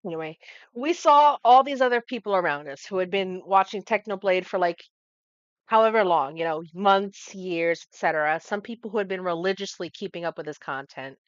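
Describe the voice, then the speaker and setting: A young woman streams herself gaming, offering casual commentary that rambles, drifts, and restarts. Her voice sits on the low side and is brisk and clean, recorded with no echo and the highs cut off.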